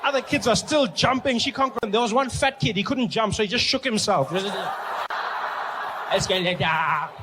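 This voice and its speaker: A man's voice: very high-pitched, fairly quick, few pauses, very noisy. A man from South Africa doing a stand-up comedy routine, telling stories animatedly and acting out the scenes.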